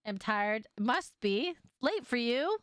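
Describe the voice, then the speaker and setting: A young woman streaming a game live and chatting casually, animated, laughing often and swearing now and then. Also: fairly high pitch, takes it slowly, clear, resonant tone, no room sound, clean studio sound.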